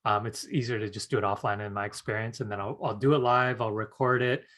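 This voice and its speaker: A man teaching a live online psychic class, talking in a relaxed, chatty way and reading viewer comments aloud. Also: fairly low pitch, fast talker. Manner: soothing guided-meditation tone. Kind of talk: casual live-stream teaching.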